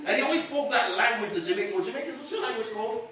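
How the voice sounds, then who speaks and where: A man's voice: very high-pitched, lively intonation, racing. A man performing stand-up comedy on a club stage, chatty and teasing, laughing through his jokes. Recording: echoey room from far off with crowd. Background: audience laughter.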